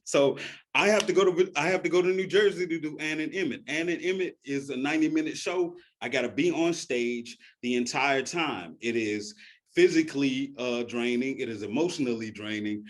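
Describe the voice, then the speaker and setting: A man telling a personal story in a casual way, often laughing and acting out quoted voices. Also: mid-range voice.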